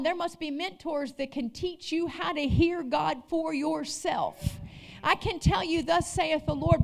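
A woman pastor preaching a sermon, calling out to the congregation and swinging between loud declarations and quiet storytelling. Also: high-pitched. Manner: preaching with call-outs, rising and dropping intensity.

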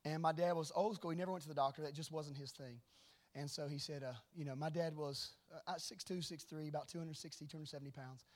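A middle-aged man preaching a sermon and telling stories, swinging from hushed asides to loud declarations. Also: fairly high pitch, fairly even intonation, fast talker. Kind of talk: sermon with storytelling.

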